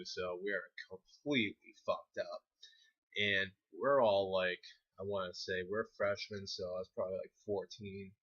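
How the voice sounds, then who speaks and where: A man's voice: sits low, fairly bright tone. A young man casually telling a rambling, profane story from his teens, often laughing through it. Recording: dull lo-fi recording.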